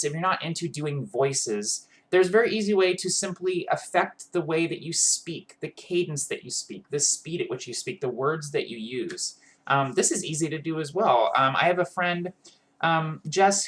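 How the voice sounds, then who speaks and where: A man's voice: fairly high pitch, a bit bright. A man gives casual tips on tabletop role-playing. He speaks earnestly and loosely, with frequent fillers and restarts. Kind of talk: casual advice monologue.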